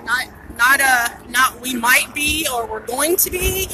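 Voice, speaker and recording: On a pedestrian bridge over a busy border crossing, a citizen reporter livestreams from the phone in her hand, talking off the cuff. She sounds urgent, excited and a bit out of breath, repeating herself in a high-pitched voice at normal speed. Traffic and helicopters fill the noisy outdoor phone audio.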